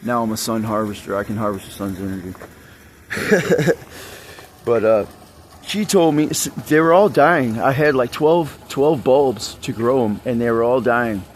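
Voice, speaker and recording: A man's voice: medium pitch, unhurried, slight background noise. A man rambling and venting in an agitated monologue, swearing heavily as he talks. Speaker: vlogger.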